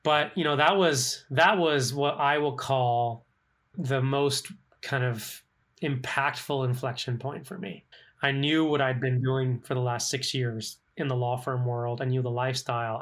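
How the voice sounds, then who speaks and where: Animated middle-aged man telling his career story. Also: mid-range voice, a little slow. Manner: animated storyteller, acts out quoted voices. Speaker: guest, legal operations professional. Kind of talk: conversational interview.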